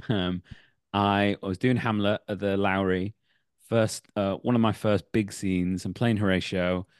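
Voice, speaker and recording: Man, Manchester accent, low voice, dry close sound, lively storyteller, actor. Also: unhurried, clear, resonant tone, no echo. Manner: animated anecdotes, laughs mid-story. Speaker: actor and acting teacher. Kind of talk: casual podcast interview, storytelling.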